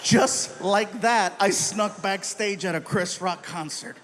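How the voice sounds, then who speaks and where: A man performing a stand-up comedy routine, telling a story with lively acted-out voices and sudden loud bursts. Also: high voice, slow, slight background noise. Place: live comedy stage.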